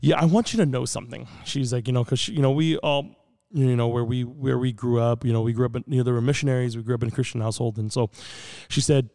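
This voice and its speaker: A man's voice: mid-range voice, fairly even intonation, fast talker, dark tone. A man guest on a podcast, telling a personal story in an earnest, rambling way with lots of fillers. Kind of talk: casual storytelling conversation.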